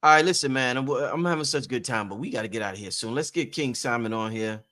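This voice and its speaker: A man hosting an online talk show, loose and slangy, excited yet a little tired. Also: mid-range voice, fast. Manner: loose and hype, slangy, often restarts his sentences. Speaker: host. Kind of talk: casual podcast chat.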